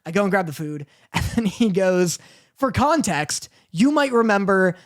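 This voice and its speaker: A man's voice: sits high, moderate pace. A man co-hosting a podcast, telling a story in casual chat, acting out the other people in it and laughing often. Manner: animated, acts out others' voices, laughs often. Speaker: podcast co-host.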